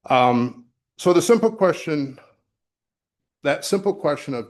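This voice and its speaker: A man's voice: mid-range voice, very animated, measured pace, creaky. A middle-aged man giving a sermon as associate minister, talking in a conversational way with fillers and restarts, recorded in a church sanctuary. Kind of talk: sermon with personal story.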